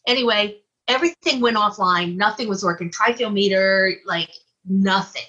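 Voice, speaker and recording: A woman casually recounting a personal encounter as an investigator, animated and acting out her own reactions. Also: mid-range voice, normal speed, slightly rough, muffled recording. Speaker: guest, UFO investigator. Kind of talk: casual storytelling.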